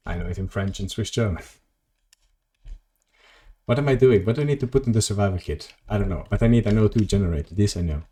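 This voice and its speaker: A man's voice: low voice, warm tone. A man streaming a video game, rambling casually to his chat and swearing at mishaps. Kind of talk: casual gameplay commentary.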